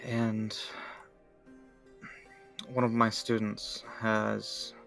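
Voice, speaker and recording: A composed but worried male guild leader in a tabletop game, voiced by a man running it. He speaks in a measured, fairly low voice with a gravelly edge and a bright tone. Faint music plays behind him. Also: completely flat delivery, heavily acted.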